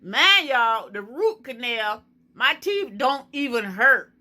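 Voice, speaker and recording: A woman's voice: fairly high pitch, big pitch swings, takes it slowly, bright, forceful tone. A woman from Florida, chatting anxiously and emotionally to her viewers in a casual home vlog. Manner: anxious, emotional, talks to viewers as girl and y'all. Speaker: vlogger. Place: home kitchen.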